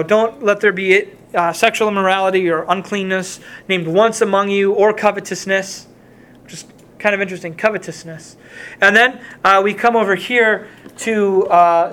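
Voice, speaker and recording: A man's voice: high voice, a bit bright. A man preaching a sermon, earnest and repetitive, quoting scripture.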